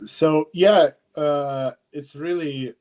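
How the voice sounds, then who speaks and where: A young man from Israel speaking as a guest on a video call, in a hesitant, halting way. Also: on the high side, fairly even intonation, darkish tone. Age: young adult. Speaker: panel guest.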